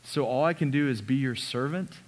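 A man preaching a sermon as a pastor, earnest, sometimes dropping his voice to a hush on key lines. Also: medium pitch, brisk. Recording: long reverb of a large hall.

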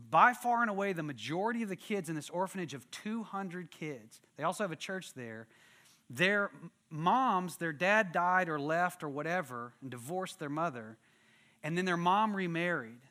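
Preacher, animated storyteller who acts out the scenes, high bright tone. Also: male voice. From Texas. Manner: animated, acts out quotes and sound effects. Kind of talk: storytelling sermon.

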